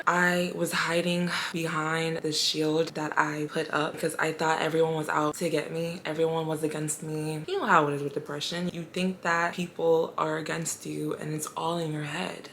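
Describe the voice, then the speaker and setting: Low-voiced young woman, emotional vlog. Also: a little hiss or hum. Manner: emotional, halting, pauses to steady herself. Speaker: vlogger. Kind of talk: personal story-time vlog.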